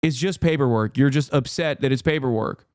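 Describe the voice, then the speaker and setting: A man's voice: medium pitch, a little fast, a little mellow, no echo, studio quality. A man hosting a livestream, reading chat aloud and ranting in a heated, profane, exasperated way. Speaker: livestream host.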